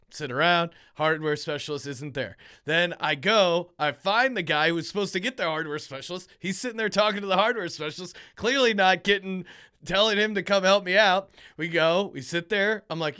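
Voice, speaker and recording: A man hosting a sports betting podcast, chatting casually and telling rambling, animated stories with self-deprecating asides. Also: high-pitched, normal speed, clean tone.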